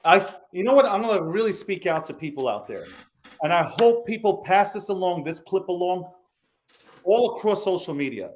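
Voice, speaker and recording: A man's voice: high voice, very animated, moderate pace. A man hosting a podcast, ranting angrily and profanely, hammering his points home by repeating phrases. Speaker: show host. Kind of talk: heated crypto podcast rant.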